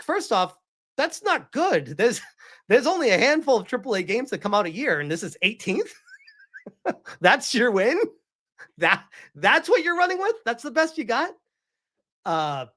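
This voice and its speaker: A woman streamer reads viewer donations aloud during casual livestream commentary, her voice a little high. She rants in an animated, incredulous way and swears often.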